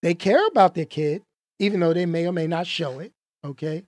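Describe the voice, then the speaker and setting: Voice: medium pitch, a little fast, darkish tone, dry recording. A movie reviewer talking casually and emphatically, tossing out rhetorical questions and repeating points for effect.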